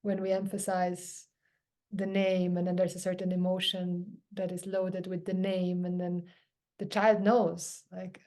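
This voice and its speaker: Low, even-toned woman hosting softly. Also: unhurried. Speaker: podcast host. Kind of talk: reflective interview.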